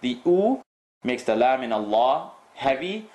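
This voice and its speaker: A man teaching Quran recitation rules, reciting verses and repeating sounds slowly to correct students. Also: medium pitch, sing-song, a little mellow, echoey room. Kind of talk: tajweed lesson with recited demonstrations.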